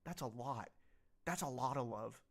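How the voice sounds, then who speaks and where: A man's voice: mid-range voice, expressive, very slow. A young man giving blunt, profane reaction commentary in a disgusted tone.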